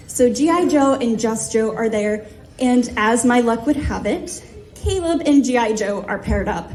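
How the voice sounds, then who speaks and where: A woman in her thirties tells a personal story on stage, poking fun at herself with a vivid, comic touch. Her voice sits a little high but sounds soft and mellow. A faint hum of noise lies under it. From Ohio, USA. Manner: self-deprecating, comic, vivid.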